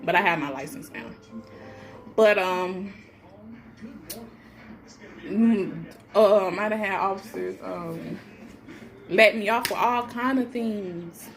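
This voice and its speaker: Woman, pregnant, casual first-person storytelling, blunt, defiant, swears freely, acts out other people's voices, mid-pitched voice. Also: slow, long pauses, faint music behind. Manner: animated, acts out others' lines in shifted voices. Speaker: person telling of her own arrest.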